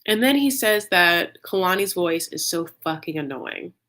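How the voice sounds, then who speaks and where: A young man recapping a reality show in a campy, sassy, animated storytelling style, calling viewers "honey". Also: sits high, moderate pace. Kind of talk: casual comedic recap.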